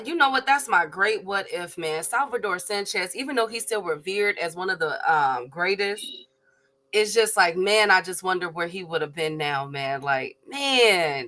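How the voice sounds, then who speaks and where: A woman with a bright, forward voice talks boxing in an unhurried, hesitant way, thinking aloud between her points. She takes her time, pausing often to search for names. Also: mid-range voice. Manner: slow and musing, many hesitations. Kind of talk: casual live stream banter.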